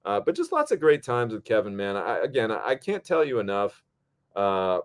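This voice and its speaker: A man hosting a podcast, telling a story in casual chat, animated and profane, acting out what people said. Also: on the low side, moderate pace. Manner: animated, acts out quotes, swears freely. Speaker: podcast host.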